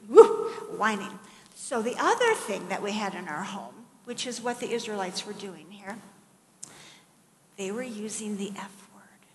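A middle-aged woman preaching a sermon in a conversational, animated way, with asides and acted-out quotes. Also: medium pitch. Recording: long hall reverb, faint background noise.

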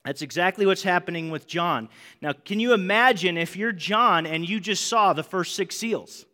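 A man teaching a Bible lesson as a sermon, conversational and animated, often checking his listeners follow. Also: high-pitched, normal speed. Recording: long hall reverb.

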